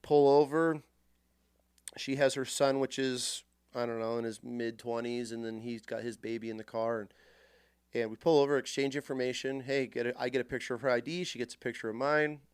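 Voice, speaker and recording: A man from Texas, a podcast guest telling stories in an animated way and acting out heated arguments in quoted voices. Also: mid-range voice, a little fast, smooth, no room sound, clean studio sound. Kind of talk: animated storytelling in conversation.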